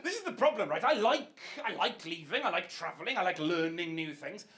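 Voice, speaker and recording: A man's voice: high-pitched, expressive, a little fast, fairly bright tone. A man with a Welsh accent doing wry, exasperated stand-up comedy on a club stage. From Wales. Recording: live club recording, audience noise.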